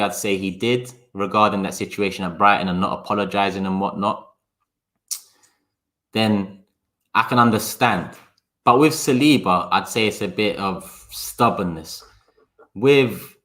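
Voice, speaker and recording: A man's voice: fairly low pitch, fairly bright tone. Sarcastic man ranting on a livestream. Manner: sarcastic, talks fast in bursts; swears, chats to viewers by name. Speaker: livestream host. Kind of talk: casual live-stream chat.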